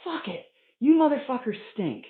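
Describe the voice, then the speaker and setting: A man voicing a male hitchhiker who shouts in a loud, shrill, outraged way about a smell. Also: very animated, normal speed. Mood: disgusted. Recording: tinny, roomy live recording.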